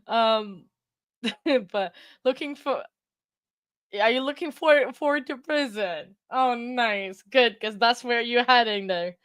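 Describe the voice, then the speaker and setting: A woman's voice: medium pitch, a bit bright, no echo, clean studio sound. A woman, casually chatting with her livestream chat, playful and giggly, a bit out of breath. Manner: giggly, playful, rambling with frequent laughs. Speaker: livestream host.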